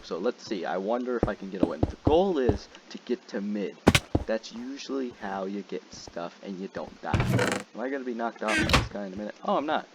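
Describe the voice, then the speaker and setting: A young man giving casual gameplay commentary as a channel host, jokey and excitable, shouting when frustrated. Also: on the low side, fairly quick. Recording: loud background noise.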